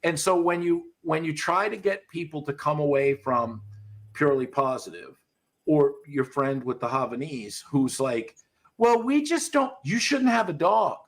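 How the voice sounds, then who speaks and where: A man with a fairly high-pitched voice hosts a casual podcast chat. He talks bluntly and swears freely, throwing himself into animated stories. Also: normal speed. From US South. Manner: blunt, profane, animated storytelling. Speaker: podcast host, dog trainer.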